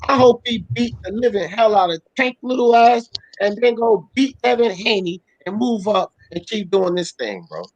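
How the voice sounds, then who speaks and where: A man's voice: high voice, animated, moderate pace, few pauses, a little mellow, dry recording, dull audio. A man hosting a live sports talk stream, blunt and profane as he reads chats and scolds a panelist. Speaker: host.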